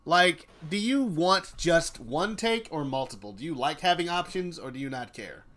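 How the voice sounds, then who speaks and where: A man's voice: on the high side, lively intonation, normal speed, fairly bright tone, slight background noise. A man hosting a casual work stream, playful and jokey as he chats. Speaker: streamer host.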